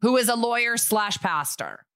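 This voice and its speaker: A woman's voice: a little high, expressive, normal speed, a bit bright, dry recording, clean studio sound. A woman co-hosting a podcast, chiming in with casual remarks. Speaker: podcast co-host. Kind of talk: casual chat.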